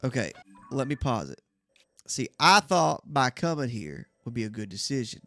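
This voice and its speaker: A man's voice: mid-range voice, sing-song, moderate pace, pushed and bright, dry recording, faint music behind. A young man hosting a gaming channel, chatting casually to his viewers as he plays. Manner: chatty, talks to viewers while playing. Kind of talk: casual gameplay commentary.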